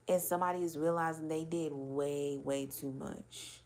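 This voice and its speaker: A woman's voice: sits low, steady tone, moderate pace, a little mellow, a little hiss or hum. A woman giving a casual intuitive reading, talking loosely and bluntly with swearing and many filler words. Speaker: spiritual card reader.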